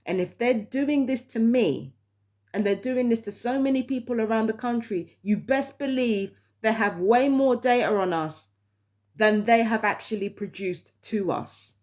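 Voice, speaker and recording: Brief: woman vlogger, somewhat high voice, heated profane rant. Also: measured pace, a little mellow. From London, England. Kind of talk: casual monologue to camera.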